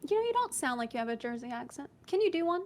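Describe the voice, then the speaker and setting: A woman's voice: high-pitched, sing-song, very fast, a little mellow. A woman who is a guest on a casual chat show, playful and teasing.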